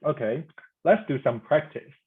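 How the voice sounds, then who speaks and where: A man teaching a pinyin pronunciation lesson, speaking haltingly with frequent restarts and repeated demonstration sounds. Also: on the high side, lively intonation, husky, narrow, tinny audio. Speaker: language instructor.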